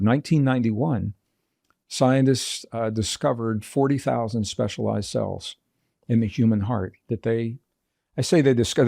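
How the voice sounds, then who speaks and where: A man being interviewed as a guest author, telling personal stories and explaining ideas in a measured, earnest way. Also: mid-range voice, vocal fry, dark tone, dry recording, clean studio sound. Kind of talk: reflective interview storytelling.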